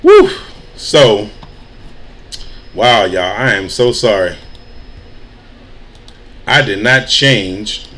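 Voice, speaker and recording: A man's voice: on the low side, drawn-out words, long pauses, bright, forceful tone. Impassioned man preaching against violence. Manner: impassioned, preachy, rising into pleading rhetorical questions. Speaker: news commentary host. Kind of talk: emotional livestream news commentary.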